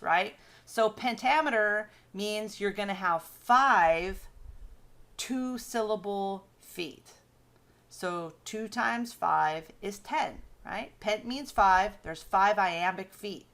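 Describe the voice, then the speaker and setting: A woman teacher giving a casual classroom lecture, explaining step by step with fillers and quick self-corrections. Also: medium pitch, creaky, a bit bright.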